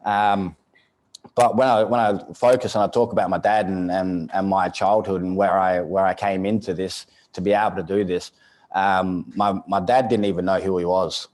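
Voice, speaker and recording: A man's voice: deep voice, fairly even intonation, moderate pace, a little mellow. A man in his thirties with a South Australian accent, telling funny stories as a guest speaker to a live audience, chatty with lots of restarts. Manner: joking, chatty, with many restarts and chuckles. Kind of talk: humorous storytelling talk to a live audience. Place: studio event space.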